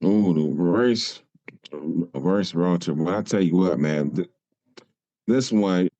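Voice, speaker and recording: A man's voice: deep voice, slow pace, warm tone. A man telling a road trip story in casual podcast chat, drawling and loading his talk with "man" and "you know". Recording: dull lo-fi sound.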